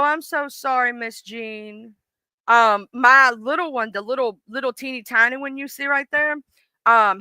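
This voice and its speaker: A woman's voice: mid-range voice, bright, forceful tone, clear, resonant tone, no room sound, studio quality. A woman, rambling chattily on a live stream and greeting viewers by name. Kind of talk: casual live-stream chat.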